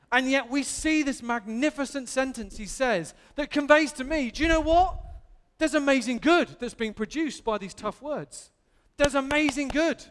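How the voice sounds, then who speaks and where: Englishman, earnest emphatic preacher, high voice, long church reverb. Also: a bit bright. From England. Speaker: pastor. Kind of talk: sermon. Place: church hall.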